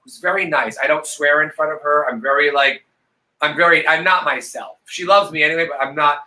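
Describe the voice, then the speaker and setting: A slightly high, bright-toned man tells a sprawling family story on a video call. He swears freely and throws himself into the quoted voices. He has had a couple of glasses of vodka and talks like it. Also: brisk, poor audio. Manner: profane, theatrical, acts out quoted voices. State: tipsy from vodka. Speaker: co-host. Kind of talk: casual storytelling on a live stream.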